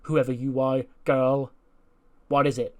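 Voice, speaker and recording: A man voicing a distraught, self-pitying female wrestler who rants loudly. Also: mid-range voice, little pitch movement, unhurried, natural voice. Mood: bitter rant. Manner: loud ranting.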